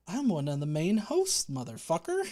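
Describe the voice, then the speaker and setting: This livestream host has a high-pitched voice with lively intonation and talks a little slowly. He reads viewer comments, thanks people, and jokes and swears while rambling and restarting.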